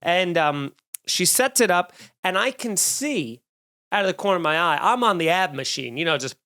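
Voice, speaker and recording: A man's voice: high voice, lively intonation, normal speed, sharp tone. Sarcastic rambling male comedian. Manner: sarcastic, rambling, self-deprecating. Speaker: comedian podcast host. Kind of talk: solo comedic rant. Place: home studio, drinking while recording.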